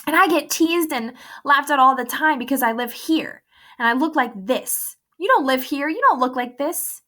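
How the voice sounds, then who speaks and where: A woman's voice: high-pitched, animated, moderate pace, bright, forceful tone, voice pushed up. A woman voicing a teenage boy who talks back in a raw, defensive way. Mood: hurt. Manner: raw, pushing back hard.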